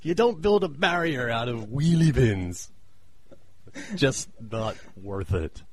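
A man's voice: mid-range voice, slow pace, husky. A man co-hosting a casual comedic podcast, telling stories with lots of laughter. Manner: laughing, animated storytelling. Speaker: podcast co-host.

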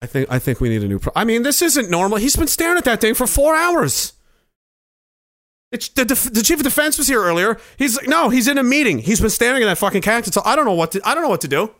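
A man voicing a panicked male White House aide, talking fast and swearing in alarm. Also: sing-song, fairly bright tone, full character voice. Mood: worried. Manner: frantic, high-strung and profane.

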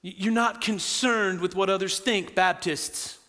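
A pastor delivers a sermon in a high, bright voice, animated and sprinkled with quick asides to the congregation. His words ring out across the church sanctuary with a long reverb.

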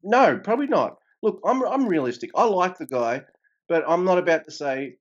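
Animated swearing man, dull lo-fi sound. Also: normal speed. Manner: animated, swearing, pitch jumps up when emphatic. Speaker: podcast co-host reviewing wrestling. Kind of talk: casual profane chat.

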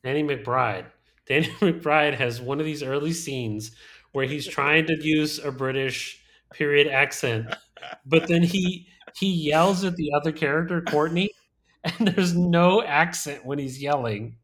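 A man's voice: on the high side, a little slow, fairly bright tone. A man co-hosting a casual movie podcast, rambling with lots of fillers and laughing as he talks. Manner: rambling, full of "like" and "um", laughs often. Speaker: podcast co-host. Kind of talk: casual chat reviewing movies.

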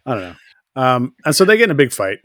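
A man co-hosting a podcast, casually recapping a TV episode, laughing often and acting out characters in quick voices. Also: mid-range voice, big pitch swings, a bit bright, dry recording, clean studio sound. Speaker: podcast co-host.

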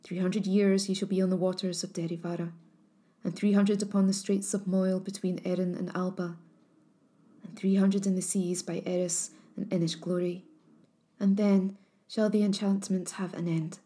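A woman's voice: fairly low pitch, flat delivery, normal speed, warm tone, close to an everyday voice. A woman reading as a jealous enchantress casting a curse. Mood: stern. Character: jealous enchantress stepmother, cursing then remorseful.

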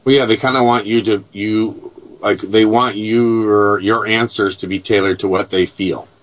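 A man's voice: on the low side, steady tone, a little slow. A man hosting a casual chat who talks in a rambling way, restarting sentences and leaning on filler phrases. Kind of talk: casual conversation.

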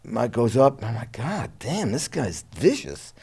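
A middle-aged musician telling his career story in a relaxed interview, lively and a bit profane, laughing along. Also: medium pitch, measured pace, creaky, husky. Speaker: guest musician.

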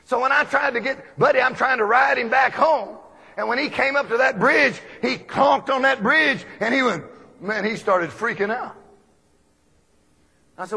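A man from Texas, preaching a folksy storytelling sermon full of animated anecdotes. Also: high-pitched, creaky, husky. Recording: long echoey hall reverb.

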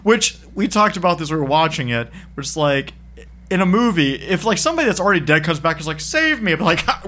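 Casting note: bright-voiced man, slightly high, laughs a lot while recapping a movie. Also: animated, quick pace. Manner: laughs often, swears, acts out characters' lines. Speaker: podcast co-host. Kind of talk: casual movie recap chat.

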